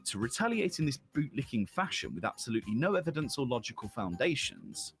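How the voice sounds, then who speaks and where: A man's voice: mid-range voice, a bit bright. A man reading scripted documentary narration in a sardonic, wordy, mocking tone. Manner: sardonic, elaborate wording.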